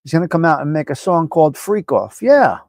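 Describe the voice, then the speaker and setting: A man hosting a casual live-stream chat, brash, profane and animated as he talks back at viewers by name. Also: fairly high pitch, fairly quick, dry recording. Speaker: live show host.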